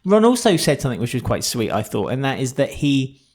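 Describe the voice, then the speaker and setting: A man's voice: mid-range voice, sing-song, fairly quick, darkish tone. A British man co-hosting a podcast in casual, jokey chat. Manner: chatty, jokey, puts on mock accents. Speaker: podcast co-host.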